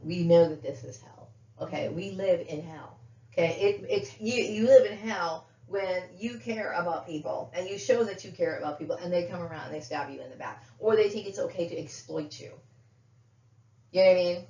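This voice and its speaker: A woman's voice: on the low side, normal speed, warm tone. A woman vlogger delivering an emotional, agitated monologue, repeating herself and checking in with "okay?" and "you know what I mean?". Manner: agitated, repetitive, keeps asking "okay?". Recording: dull, echoey room, mic far off.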